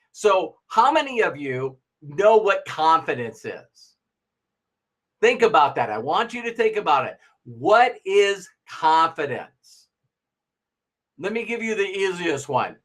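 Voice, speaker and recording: A man's voice: high voice, a bit bright. A middle-aged man giving a motivational talk, acting out little dialogues and laughing as he goes. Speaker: motivational speaker.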